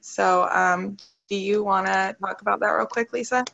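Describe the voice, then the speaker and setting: A woman's voice: medium pitch, steady tone, normal speed, creaky, fairly bright tone, highs cut off. A woman hosting a motivational video call, upbeat and emotional as she talks straight to her group.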